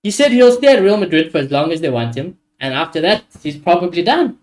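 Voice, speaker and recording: A man's voice: on the high side, big pitch swings, a little fast, darkish tone. A young man, ranting animatedly and swearing as he hosts a casual football watchalong stream. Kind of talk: casual live-stream chat.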